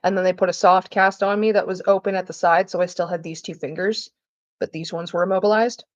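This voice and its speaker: A woman's voice: fairly low pitch, fairly even intonation, brisk, highs cut off. A woman chatting casually while she cooks, swearing freely and acting out the people she quotes. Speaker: vlogger. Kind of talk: casual storytelling while cooking. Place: home kitchen.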